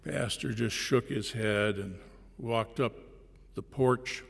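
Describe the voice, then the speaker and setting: A male pastor tells a parable from the pulpit, slow and deliberate, with pauses between phrases. His voice is gravelly in the lows. A long reverb from a large church hall follows him. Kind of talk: sermon storytelling.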